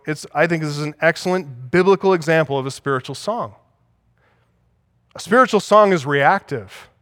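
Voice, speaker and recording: A man's voice: fairly high pitch, fairly bright tone, dry recording, studio quality. A man preaching a sermon as pastor, teaching and asking the congregation for agreement.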